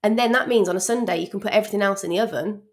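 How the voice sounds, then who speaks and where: A woman, a cookbook author, guesting on a podcast and talking in a bubbly, animated way, full of "like" and "um". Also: medium pitch, very fast. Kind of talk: casual interview chat.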